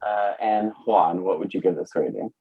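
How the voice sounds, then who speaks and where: A man's voice: deep voice, normal speed, slightly rough, no echo, narrow, tinny audio. A man hosting a casual panel chat, easygoing and laughing along with his guests. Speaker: host. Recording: dry, faint music behind.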